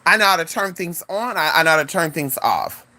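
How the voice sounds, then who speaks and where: A spiritual advisor keeps a brisk pace on a casual livestream, animated and profane, with abrupt high exclamations and frequent "honey" and "y'all" for the viewers.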